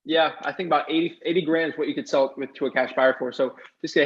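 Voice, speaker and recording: A young man telling a fast, excited story as a guest, acting out the other people's voices as he quotes them. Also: mid-range voice, slightly rough. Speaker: guest investor. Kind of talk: animated storytelling. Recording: dull lo-fi sound.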